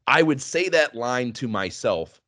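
A man co-hosting a casual gaming podcast, animated and laughing often as he tells stories. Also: mid-range voice, a little slow, no room sound, clean studio sound. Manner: animated, laughing, swearing freely. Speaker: podcast co-host.

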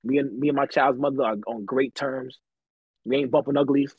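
A man's voice: medium pitch, fairly even intonation, brisk, breathy edge, no room sound, phone-quality sound. A man on a podcast telling stories from his life in casual, slangy, profane talk, laughing often. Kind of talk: casual chat, storytelling.

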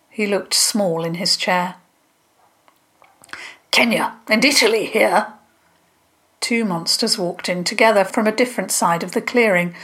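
A woman narrating a children's story in a gentle, unhurried reading. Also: medium pitch.

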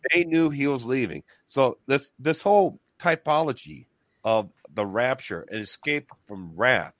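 A man hosting a casual religious discussion, talking in an excited, emphatic, rambling way with many restarts. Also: medium pitch, measured pace, no echo, studio quality.

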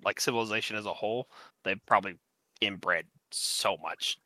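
A man's voice: on the low side, moderate pace, sharp tone, dry recording. A young man co-hosting a podcast, talking bluntly in casual chat, swearing freely and going off on tangents. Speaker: podcast co-host.

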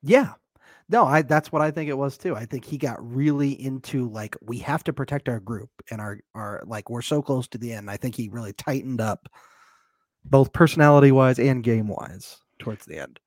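A man's voice: medium pitch, normal speed, no room sound. Easygoing male podcast co-host, dry sound. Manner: easygoing, agreeable, chuckles often. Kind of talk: casual chat.

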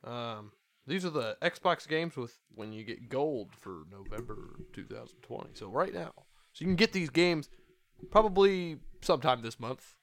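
A man's voice: mid-range voice, lively intonation, normal speed. A man in his twenties, a podcast co-host, chatting casually and swearing a lot. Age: 20s.

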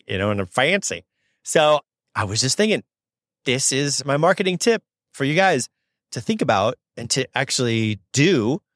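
With a mid-range, fairly bright voice captured in clean studio sound without echo, a young Southern Californian podcast host narrates a story. He works as a notary signing agent, chats upbeat and filler-heavy, and voices the people he quotes.

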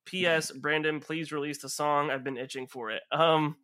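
A young man hosting a podcast and chatting casually with his players, talking fast and rambling, laughing often. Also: on the high side, fairly even intonation, bright, forceful tone, dry recording, clean studio sound. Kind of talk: casual chat.

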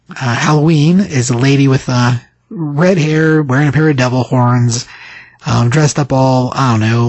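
A man's voice: mid-range voice, darkish tone, dry recording, poor audio. A man casually retelling a story scene by scene, rambling with many fillers and restarts. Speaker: recapping a story. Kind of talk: casual retelling with quick voiced quotes.

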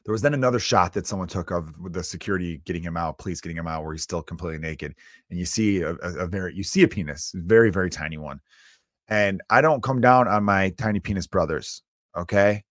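Low-voiced man ranting, dry sound. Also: fast talker, dry recording. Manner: rambling, profane, jumps between loud bursts and mutters. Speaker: comedian podcast host. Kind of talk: solo comedic rant.

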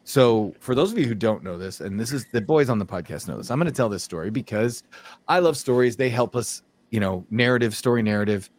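A man hosting a podcast who speaks bluntly and likes to tell stories. His voice is low. The sound is dry and close to the mic. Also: animated, a little fast, no echo. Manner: blunt, storytelling, laughs often. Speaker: podcast host. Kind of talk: casual opinionated chat.

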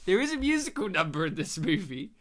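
Animated jokey man with high voice jumps. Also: fast talker. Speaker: podcast host leading a movie commentary. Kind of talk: casual movie commentary chat.

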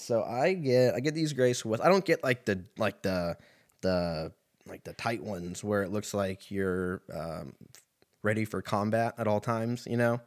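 A young man tells a funny story on his podcast, rambling and swearing freely with plenty of "like" and "uh". His voice sits on the lower side and flows loose and casual. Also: expressive, moderate pace. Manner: rambling, profane, full of fillers. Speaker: podcast host. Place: laundromat.

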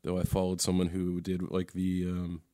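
A man's voice: sits low, monotone, moderate pace, mellow, dry recording, studio quality. A man chatting casually as a comedian guest, laid-back and full of fillers and chuckles. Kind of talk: casual podcast chat.

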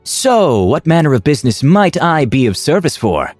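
A man doing a flamboyant rich merchant, high and gushing. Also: big pitch swings, moderate pace, darkish tone, dry recording, faint music behind. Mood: flirtatious. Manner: theatrical, gushing, playful. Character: flamboyant flirtatious rich male aasimar merchant.

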